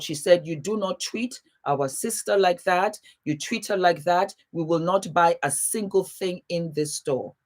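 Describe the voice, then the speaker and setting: A woman hosting a casual live stream, greeting viewers warmly by place and laughing often as she chats. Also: fairly low pitch. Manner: warm, chatty, calls viewers baby and beautiful. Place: home, seated.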